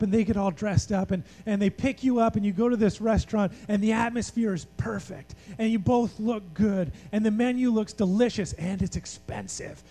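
High-voiced man preaching in a reverberant hall. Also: warm tone. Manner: earnest, repetitive emphasis, acts out quoted voices. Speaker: pastor. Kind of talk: sermon.

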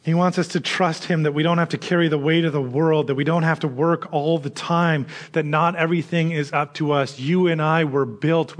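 Animated man preaching a sermon. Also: fairly high pitch. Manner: animated, swinging between quiet reflection and lively emphasis; conversational storytelling. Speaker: pastor.

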